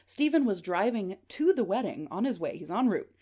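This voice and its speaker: A woman podcast host telling a paranormal story, animated and acting out the voices. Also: medium pitch, normal speed. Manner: animated, acts out quoted voices.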